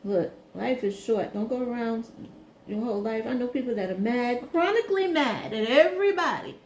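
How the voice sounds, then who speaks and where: A woman from Brooklyn, talking casually as a craft vlogger, reminiscing and then turning animated. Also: a little high, moderate pace, echoey room, a little hiss or hum. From Brooklyn, New York. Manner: chatty, reminiscing, rises to animated scolding. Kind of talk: casual monologue while crafting.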